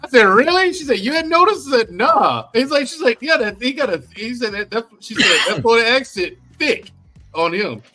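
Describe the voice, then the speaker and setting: A male podcast panelist with a high, bright voice that swings all over as he talks. He tells stories in an animated way, laughing through his words. Faint music runs underneath. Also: a little fast. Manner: animated storyteller, laughs while talking. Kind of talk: casual panel chat.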